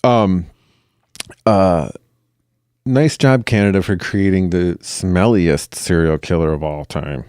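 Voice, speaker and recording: A man's voice: low-pitched, takes it slowly, darkish tone, smooth, dry recording. A man co-hosting a true-crime podcast, cracking jokes in casual banter. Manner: wisecracking, bantering. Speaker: podcast co-host. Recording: dry, close podcast recording.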